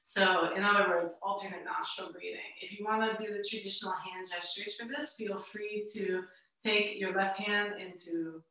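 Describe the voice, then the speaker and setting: Calm woman guiding a yoga class. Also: medium pitch, normal speed. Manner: calm, gentle, step-by-step cues. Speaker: yoga teacher. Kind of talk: guided breathing instruction. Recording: roomy echo, mic at a distance.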